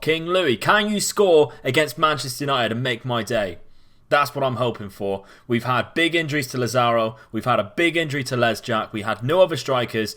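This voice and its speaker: A young man, casually commenting as he plays a football management game, chatty and given to sudden loud cheering. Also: mid-range voice. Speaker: gaming commentator.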